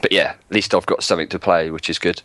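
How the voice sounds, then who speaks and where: Deep-voiced laid-back man. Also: steady tone, fairly bright tone, dry recording. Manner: laid-back, meandering, many pauses. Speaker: podcast co-host. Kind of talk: casual chat.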